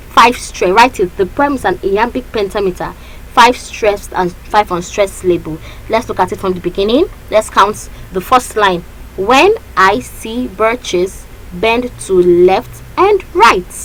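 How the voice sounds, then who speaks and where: A woman teaching a literature lesson, lively and repetitive, often checking that her students understand. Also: mid-range voice, slight background noise, low-quality recording.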